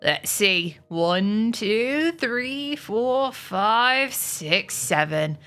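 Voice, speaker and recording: A woman's voice: a little high, expressive, extremely slow, a bit bright, soft background music, exaggerated voice. A woman voicing a friendly, cheerful male farmer counting new goslings with delight.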